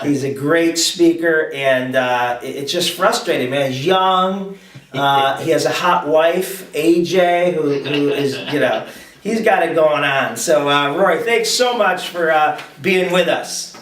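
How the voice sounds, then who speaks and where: A man hosting a podcast interview, enthusiastic and joking, talking in halting restarts, recorded in a roomy space away from the mic. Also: on the high side, a bit bright. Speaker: podcast host. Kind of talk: casual interview chat. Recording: roomy echo, distant mic.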